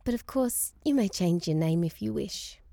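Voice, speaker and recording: Woman voicing a gentle loving young mother. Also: mid-range voice, animated, normal speed, creaky, dry recording, studio quality. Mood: tender. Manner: gentle, soothing.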